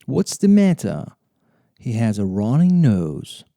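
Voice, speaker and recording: A man reading English lesson phrases and example sentences in a slow, deliberate drill style. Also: mid-range voice, wildly swooping pitch, creaky, dark tone, dry recording, studio quality. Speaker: English teacher.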